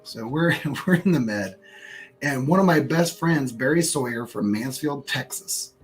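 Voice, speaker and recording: An American man with a medium-pitched voice tells a story at a measured pace while faint music plays behind him. It's casual pub chat, and he's an animated storyteller who swears freely.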